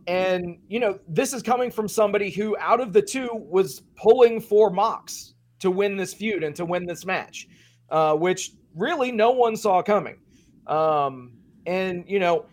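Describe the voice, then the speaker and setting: A man with a notably high voice delivers casual wrestling commentary as a podcast co-host. He rants sarcastically and swears freely. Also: animated, measured pace.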